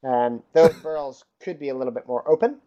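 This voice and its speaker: A man's voice: medium pitch, moderate pace, muffled recording. A man giving matter-of-fact spoken feedback as a judge in casual chat, dry and hesitant with frequent ums. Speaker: judge scoring bagpipe submissions.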